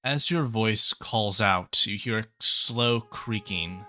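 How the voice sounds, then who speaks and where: A man narrating as game master of a tabletop game, in a measured storytelling manner. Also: lowish voice, bright, forceful tone.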